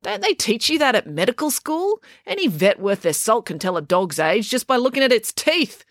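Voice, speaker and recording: Woman doing a high, blunt feisty girl. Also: big pitch swings, normal speed, dry recording, studio quality. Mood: indignant. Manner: blunt, indignant.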